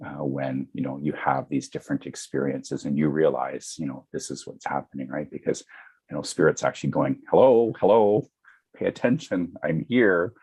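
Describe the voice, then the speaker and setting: Very deep husky-voiced man. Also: level tone, fairly quick, a little mellow. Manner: earnest, reflective, many fillers. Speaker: psychic medium guest. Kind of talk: conversational guest talk.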